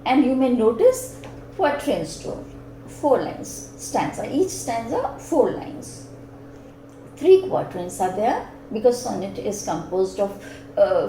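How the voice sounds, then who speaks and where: A woman lecturer with an Indian English accent, explaining poetry slowly and deliberately, pausing often with "uh". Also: a little high, mellow, a little hiss or hum. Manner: slow, deliberate explaining with frequent "uh" pauses. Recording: echoey room with faint ambience.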